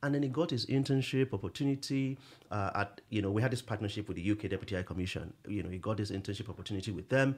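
A middle-aged man, a guest in a podcast interview, telling stories in an animated way and laughing often. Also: on the low side, racing. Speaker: guest, nonprofit executive director.

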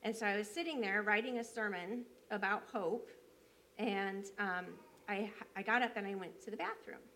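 A woman's voice: mid-range voice, moderate pace, pushed and bright, a little hiss or hum. A woman church elder, preaching a sermon by telling a personal story in a conversational way, with frequent fillers.

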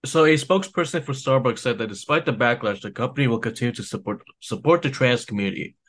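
A man's voice: mid-range voice, fast talker, fairly bright tone. A man co-hosting a casual podcast, laughing often and making blunt remarks. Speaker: podcast co-host. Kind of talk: casual opinionated chat.

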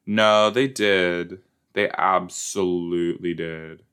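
A man hosts a casual reaction show about a TV episode, excitable and joking, suddenly breaking into high squeals. He talks slowly, with a smooth voice.

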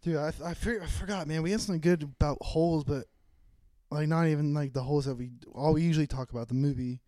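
A man's voice: on the high side, steady tone, fast talker, warm tone, dry recording, clean studio sound. Young man joking in casual banter. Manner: joking, laughs often. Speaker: podcast co-host.

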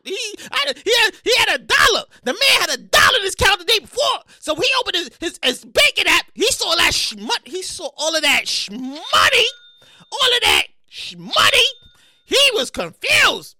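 A woman hosting a casual solo podcast, excitable and rambling as she tells a story, with loud exclamations and frequent laughter. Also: very high voice, normal speed, no room sound, studio quality. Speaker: podcast host.

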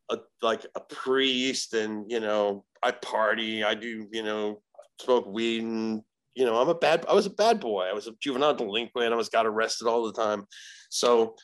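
A man's voice: mid-range voice, low-quality recording. A man telling stories as a podcast guest in casual, rambling talk full of fillers and swearing. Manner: profane, animated storyteller acting out voices. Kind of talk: casual storytelling.

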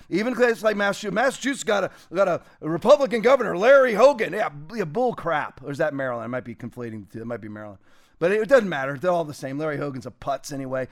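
A man, a pastor, delivering a combative sermon-style commentary and shouting at times. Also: a little high.

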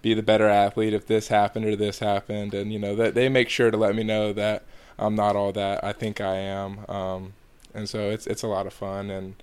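A young man from Georgia answering interview questions in a relaxed, halting way with lots of fillers. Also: lowish voice, clear, resonant tone. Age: young adult. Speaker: college baseball player, guest.

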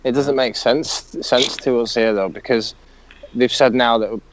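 A British man in casual podcast chat, calm and wry. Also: medium pitch, measured pace, dull audio, background noise.

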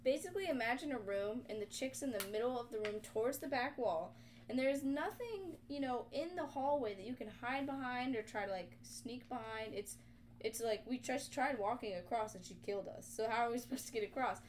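A young woman co-hosting a podcast, retelling a video game in casual, animated chat full of swearing. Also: fairly high pitch, brisk, slight background noise. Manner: animated, profane storytelling. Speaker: podcast co-host.

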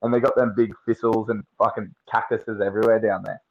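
A young Australian man with a fairly low voice talks loosely and swears often, spinning rambling stories in broad slang. His voice comes through dull and lo-fi. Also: flat delivery, brisk. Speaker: podcast guest. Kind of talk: casual chat.

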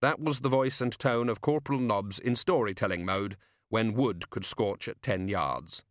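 A man narrating an audiobook with a wry, measured reading. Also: on the low side, dry recording, studio quality. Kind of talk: scripted narration.

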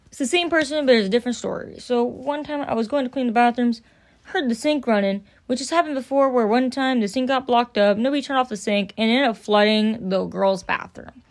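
A woman's voice: fairly high pitch, fairly quick, dry recording. Profane, rambling young woman storyteller. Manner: profane, rambling, animated anecdotes. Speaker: podcast host. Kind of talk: casual storytelling.

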